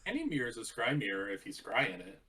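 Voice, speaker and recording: Brief: male player, animated pitch, jokey, stumbles over words when excited. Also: fast talker, poor audio. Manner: joking, repeats himself when excited. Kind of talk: casual chat between players.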